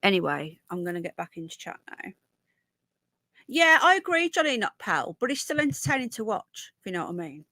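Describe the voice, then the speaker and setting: A woman's voice: medium pitch, sing-song, brisk, pushed and bright, dry recording. A woman with a sore throat talks straight to her live viewers in a casual, rambling way, full of opinions and restarts. Her voice sits mid-height and sounds close and dry, with no room around it. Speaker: livestream host. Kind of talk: casual live chat reading viewer comments.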